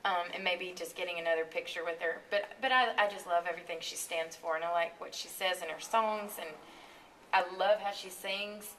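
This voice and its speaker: A woman singer as a radio interview guest, talking in a chatty, animated way and laughing often. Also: on the low side, distant mic, slight background noise, poor audio. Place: radio studio.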